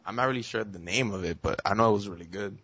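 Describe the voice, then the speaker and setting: A man's voice: fairly low pitch, quick pace, a bit bright, breathy edge, no room sound, muffled recording. A young man in casual chat with friends, laid-back and a little unsure.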